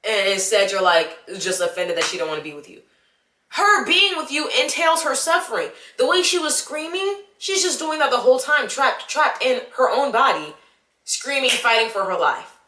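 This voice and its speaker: A young woman vlogging a casual movie review, animated and exasperated as she talks straight to the viewer. Her voice is bright and a little sharp. It rings in an echoey room. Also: fairly high pitch, moderate pace, a little hiss or hum.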